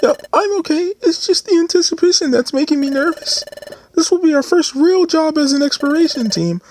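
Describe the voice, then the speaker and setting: Brief: a man playing a high, jittery young explorer, lively and bouncy in a game. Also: fairly quick, slight background noise. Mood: nervous excitement. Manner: high, bright and excited. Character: eager young male explorer, excitable and nervous. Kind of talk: let's play dialogue reading.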